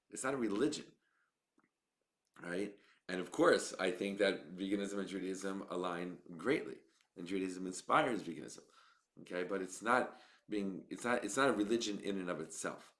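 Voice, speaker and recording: A man's voice: low-pitched, fairly bright tone. A man speaking as a rabbi in a teaching monologue, often restarting phrases and tagging lines with "right?" and "okay?".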